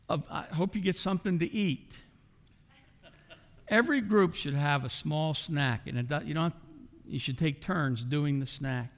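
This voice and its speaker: A man's voice: a little high, creaky. A middle-aged man preaching a sermon as a pastor, asking the congregation rhetorical questions. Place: church sanctuary. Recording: long hall reverb.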